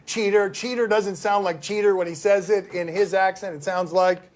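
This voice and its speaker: A man hosting a sports talk show, riffing quickly and with animation. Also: sits high, steady tone. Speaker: host.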